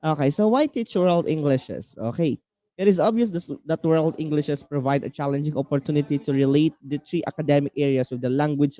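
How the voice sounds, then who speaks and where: A man from the Philippines with a Filipino accent, teaching an online class in a halting way, full of fillers and restarts. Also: on the high side, mellow. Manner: code-switching, halting with many fillers and restarts.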